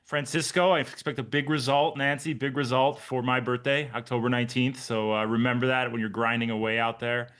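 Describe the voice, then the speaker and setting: A man's voice: mid-range voice, fairly even intonation, brisk, hardly any pauses, a bit bright. A man in his forties, a triathlon coach hosting a live pre-race briefing over a video call, chatty and joking with his listeners. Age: 40s.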